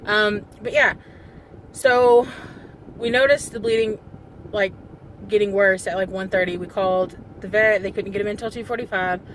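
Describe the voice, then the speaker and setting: A woman's voice: mid-range voice, steady tone, normal speed, poor audio. Young woman vlogger, casual phone-camera storytelling, loose and rambling, holding back tears, faint noise behind. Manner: rambling, full of fillers, fighting back tears. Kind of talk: casual personal vlog storytelling.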